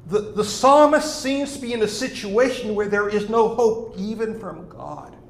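A man's voice: high-pitched, normal speed, reverberant. A man preaching a sermon in an earnest way, leaning hard on key words as he explains a psalm. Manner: earnest, rising to emphatic stress on key words. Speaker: pastor.

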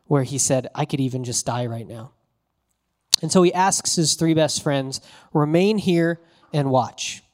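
Casual, animated man preaching. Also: on the high side. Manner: casual, animated storytelling with slang. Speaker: pastor. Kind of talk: conversational sermon.

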